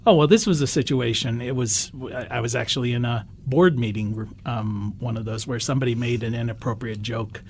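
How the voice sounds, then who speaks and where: A man's voice: mid-range voice, fairly quick, few pauses, a little mellow, a little hiss or hum. Chatty American man co-hosting a podcast. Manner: chatty storyteller with many restarts. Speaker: podcast co-host. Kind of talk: casual discussion.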